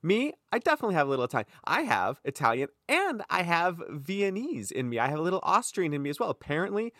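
A man's voice: a little high, fast talker, no room sound, studio quality. A man co-hosting a podcast, chatting casually and joking at his own expense. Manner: animated, jokey, self-mocking. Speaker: podcast co-host. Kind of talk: casual chat.

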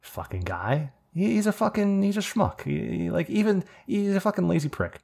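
Man, podcast co-host; lively, profane storyteller. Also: high-pitched, normal speed, creaky, husky. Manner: animated storyteller, swears a lot, gets worked up. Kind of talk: casual podcast chat.

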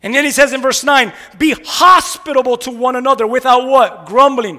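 A man preaching a lively sermon as pastor, repeatedly throwing rhetorical "what?" questions to the congregation and mocking grumblers in mumbled asides. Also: very high voice, moderate pace, few pauses, big-room sound. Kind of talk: energetic sermon. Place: church sanctuary.

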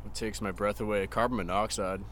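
A man chatting casually as a podcast guest, with quick, joking answers. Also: lowish voice, fairly even intonation, fairly bright tone. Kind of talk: casual chat. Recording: crowd noise behind.

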